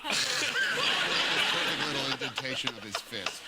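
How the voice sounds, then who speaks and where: Slow, animated man asking quiz questions. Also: medium pitch, heavy background noise. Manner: animated, playful. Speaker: quizmaster.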